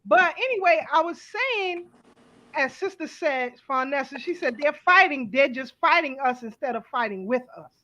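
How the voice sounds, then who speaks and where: Blunt high-voiced New woman. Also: normal speed. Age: middle-aged. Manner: blunt, animated, swears freely. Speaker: host. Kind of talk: casual panel talk.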